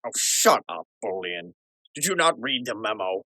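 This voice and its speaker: Brief: young actor as gruff, doting tycoon father, lively bright delivery. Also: medium pitch, moderate pace. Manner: blustering, stammering, snaps then coos. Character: rich, forgetful old father, gruff and doting. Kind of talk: school play over video call.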